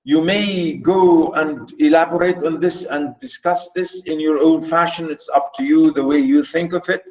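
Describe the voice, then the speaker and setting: A man giving a literature lecture, explaining slowly and emphatically with many repetitions. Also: fairly high pitch, fairly even intonation, a little mellow, low-quality recording. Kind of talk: recorded lecture.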